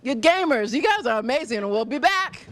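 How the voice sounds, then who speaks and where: A woman's voice: high voice, animated, fairly quick, a bit bright. A woman hosting on location in a restaurant, chatting with diners in a bubbly, gushing way and laughing often. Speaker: on-location host interviewing diners. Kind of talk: upbeat casual interviewing. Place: busy restaurant.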